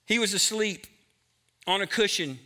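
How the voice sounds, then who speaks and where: A middle-aged man preaching a sermon, emphatic, moving between loud stretches and hushed ones. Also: sits high, a little slow. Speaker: pastor.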